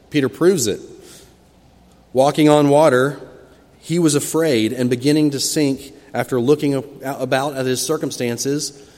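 A mid-pitched man preaches a sermon in a church, and his voice rings with a long hall reverb. He tells the story in a lively way and breaks into loud, high cries when he voices the people in it. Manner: expressive storytelling, acting out quoted cries with sudden loud rises. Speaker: pastor. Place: church sanctuary.

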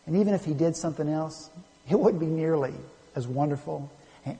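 A man preaching a sermon as a pastor, swinging between emphatic, raised lines and quiet, low asides. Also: big-room sound. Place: church sanctuary.

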